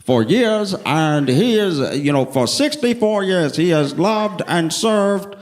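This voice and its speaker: A press-conference speaker stumbles along and repeats his greeting and his numbers, as a comedian puts him on. His voice sits a little higher than the comedian's own. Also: animated. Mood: earnest. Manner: halting, repetitive, stumbling.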